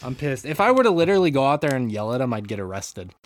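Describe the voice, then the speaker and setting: A man's voice: medium pitch, very animated, quick pace, crowd noise. A man co-hosting a podcast in casual chat, talking at length and often apologising. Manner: apologetic, chatty, explaining at length. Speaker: podcast host. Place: home room in a city with street protests outside. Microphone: remote call, mutes mic.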